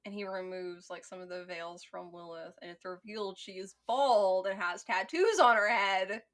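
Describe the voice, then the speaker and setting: A woman's voice: mid-range voice, normal speed, fairly bright tone. A woman co-hosting a film podcast, chatting casually and swearing freely, with lots of "like" and frequent laughter. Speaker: podcast co-host. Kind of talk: casual chat reviewing a film.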